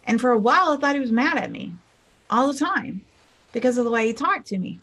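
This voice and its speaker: A woman with a slightly raised pitch gives a casual motivational talk as a spiritual teacher. She speaks in a chatty, conversational way and slips into lively voices for the people she quotes. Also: a little fast, slightly rough. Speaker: spiritual teacher and life coach.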